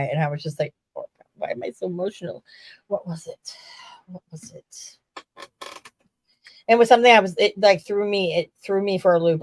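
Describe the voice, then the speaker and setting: A woman co-hosting a casual wrestling talk show, her voice sitting a little low. She rambles in an animated way and swears casually. The sound is dry and close. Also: dry recording. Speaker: podcast co-host.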